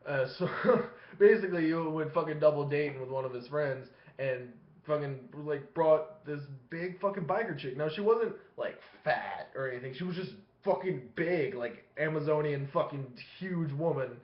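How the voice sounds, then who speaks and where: A man's voice: fairly high pitch, moderate pace. A man casually telling a long profane story to his webcam, rambling and laughing between phrases. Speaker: vlogger. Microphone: webcam facing him. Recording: echoey room, dull lo-fi sound.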